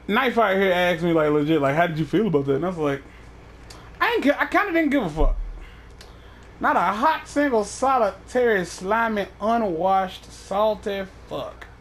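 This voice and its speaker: A man hosting a casual chat, talking in a profane, rambling way with many restarts. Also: high voice. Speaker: podcast host.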